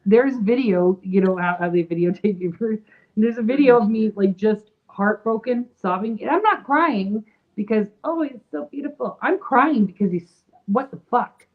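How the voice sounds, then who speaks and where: A woman's voice: mid-range voice, moderate pace. Blunt, profane woman, phone-like sound. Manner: blunt, profane, laughs often. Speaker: podcast co-host. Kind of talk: casual chat.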